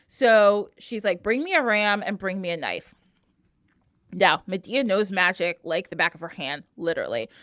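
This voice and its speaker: A woman's voice: mid-range voice, no echo. Brief: woman, casual slangy myth retelling, dry close sound. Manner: slangy, laughing, acts out characters. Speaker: podcast co-host.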